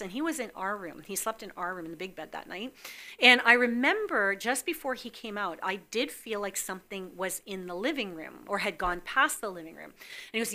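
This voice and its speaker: A woman hosts a call-in show with a bright, forceful voice. She talks casually and animatedly to viewers. She acts out the voices in her stories as she goes. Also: medium pitch, a little fast. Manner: animated storytelling, acting out dialogue. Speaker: psychic call-in show host.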